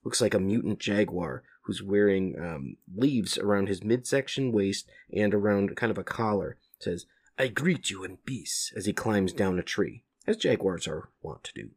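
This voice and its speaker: Low-voiced man casually reading a comic. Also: moderate pace, few pauses, a little mellow. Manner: casual, describing panels with fillers. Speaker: comic reader. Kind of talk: reading and describing a comic aloud.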